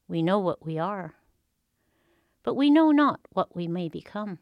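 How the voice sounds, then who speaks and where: A woman storyteller telling a folk tale with expressive, dramatic pauses. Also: mid-range voice, no echo, muffled recording.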